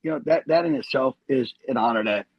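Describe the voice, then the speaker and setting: A man in his fifties, an army veteran, telling animated, slangy war stories in a casual way. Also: mid-range voice, quick pace, dry recording. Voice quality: animated, slangy, says "dude". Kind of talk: casual storytelling. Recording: dull lo-fi recording.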